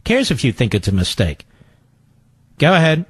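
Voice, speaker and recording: A man's voice: on the high side, wildly swooping pitch, normal speed, breathy edge, no echo. A man hosting political talk radio, combative and sarcastic, often mocking his opponents in quoted voices.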